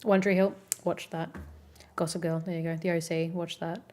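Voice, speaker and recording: Low-voiced Australian woman streamer chatting. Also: little pitch movement, moderate pace, darkish tone. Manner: rambling, filler-heavy, giggly. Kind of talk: casual chat with live chat.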